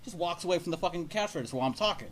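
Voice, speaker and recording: A man's voice: a little high, animated, rapid-fire, crowd noise. A man hosting a casual talk show, telling a long story in a rambling, profane way. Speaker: radio show host.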